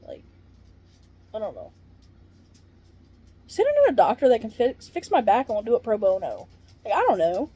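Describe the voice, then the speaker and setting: A woman who is a retired paramedic, in pain and venting to camera with swearing and dark jokes. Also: on the high side, huge pitch swings, moderate pace, pauses often, slightly rough. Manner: swearing, exasperated, darkly joking.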